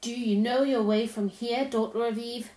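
A woman's voice: a little high, fairly even intonation, normal speed, warm tone, close to an everyday voice. Timid tearful male faun, anxious and polite, read by a woman, roomy storybook sound. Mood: tender. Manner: anxious, fretful, old-fashioned politeness. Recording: roomy echo.

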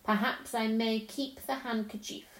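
A woman's voice: a little high, fairly even intonation, measured pace, natural voice. A woman reading a fretful, tearful male faun. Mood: tender. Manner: anxious, fretful, old-fashioned politeness. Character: timid tearful male faun, kindly and frightened. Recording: roomy echo.

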